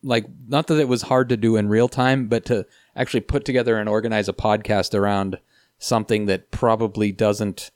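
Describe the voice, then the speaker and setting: A man's voice: fairly low pitch, little pitch movement, fairly quick, darkish tone, no echo, clean studio sound. A man co-hosting a podcast in casual chat, with wry, joking remarks. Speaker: podcast co-host. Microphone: headset mic.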